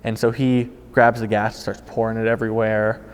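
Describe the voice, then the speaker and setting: Animated man telling a story, hall reverb. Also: fairly low pitch, fairly quick, clean tone. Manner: animated storytelling, voices quoted people. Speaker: former car salesman. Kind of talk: casual spoken anecdote.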